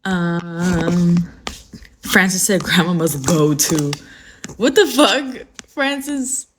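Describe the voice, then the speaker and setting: A young Californian woman, freshly awake, hosts a casual morning livestream from her phone, with background noise audible. Her voice is fairly low and very slow as she rambles, leaning on filler words and swearing freely.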